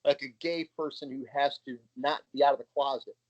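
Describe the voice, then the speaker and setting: In a casual podcast interview, a male guest tells stories a little fast, his mid-range voice keeping a fairly even intonation. He's profane, frank and chatty, often slipping into quoted voices. The sound is dry and slightly muffled without any echo.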